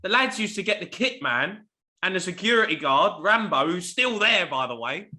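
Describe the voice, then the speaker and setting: A man's voice: high voice, lively intonation, moderate pace, bright, forceful tone. A man, a former footballer, chatting bluntly with laddish banter and swearing. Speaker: former footballer, podcast guest. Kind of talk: casual chat.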